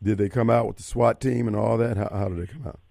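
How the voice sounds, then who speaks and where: Talk radio host, male, gravelly voice, blunt, emphatic, dry studio sound. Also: lowish voice, steady tone, quick pace, warm tone, no echo. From Mississippi.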